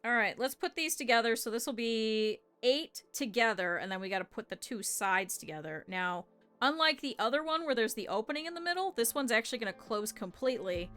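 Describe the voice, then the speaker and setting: A woman's voice: on the high side, expressive, a little fast, fairly bright tone, faint music behind. A woman streamer chatting casually with her viewers while she sews, with laughing asides. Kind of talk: casual livestream chat while sewing.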